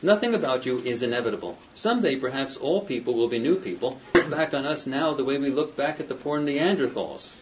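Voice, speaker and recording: A man's voice: medium pitch, lively intonation, a little fast, few pauses, background noise, natural voice. Smug old scientist, godlike airs, read plainly by a man; dull, distant classroom audio. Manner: read aloud from a novel.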